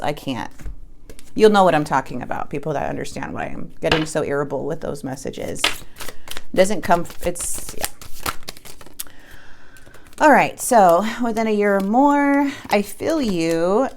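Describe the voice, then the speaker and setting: A woman giving a casual spoken tarot reading, speaking bluntly and with emphasis straight to the viewer. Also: on the low side. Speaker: tarot card reader.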